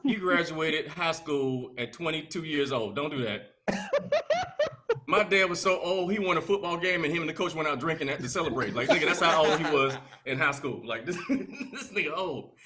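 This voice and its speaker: A young adult man doing a stand-up comedy set, telling loose, animated stories and laughing often. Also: on the high side, moderate pace, slight background noise.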